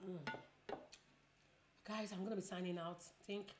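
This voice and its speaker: A woman's voice: lowish voice, steady tone, normal speed, long pauses, roomy sound. A woman chatting casually while eating, giving advice and repeating herself a lot. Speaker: vlogger.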